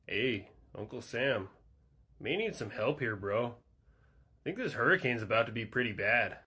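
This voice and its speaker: A man voicing a laid-back California man who talks slow and low-key. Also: lively intonation, bright, forceful tone, husky, full character voice. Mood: mellow.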